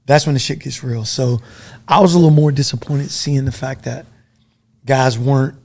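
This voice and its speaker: A middle-aged man and former soldier, a podcast guest telling stories in a casual, profane, animated way. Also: medium pitch, moderate pace, creaky. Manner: profane, animated storytelling full of dude and man.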